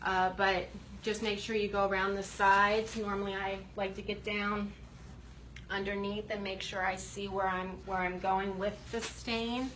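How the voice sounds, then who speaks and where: A woman's voice: medium pitch, level tone, measured pace, a bit bright, a little hiss or hum, poor audio. A woman chatting casually as she shows furniture refinishing step by step, explaining while she works in a workshop. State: out of breath from buffing. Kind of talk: casual how-to demonstration.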